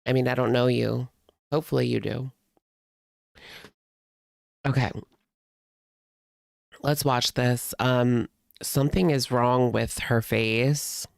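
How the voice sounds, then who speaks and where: A man in his thirties talks in a loose, rambling way, full of fillers and amused asides. His voice has a gravelly edge but stays smooth and clear. The sound is dry and close, with no room around it. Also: medium pitch, steady tone, slow, long pauses, no echo. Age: 30s. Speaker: host. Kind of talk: casual storytelling to live chat.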